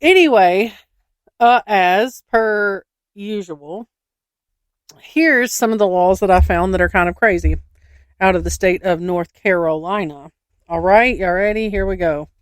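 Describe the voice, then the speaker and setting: A woman's voice: mid-range voice, a little slow, dry recording, studio quality. Giggly woman podcast host. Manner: giggly, storytelling, addresses listeners as y'all. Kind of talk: casual podcast chat.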